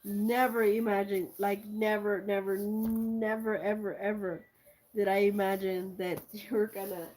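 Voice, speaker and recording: A woman chatting casually as she unboxes gifts for her video, gushing and excitable, swinging between loud squeals and soft, hushed thanks. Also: mid-range voice, measured pace. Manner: gushing and excitable, many exclamations. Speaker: art vlogger.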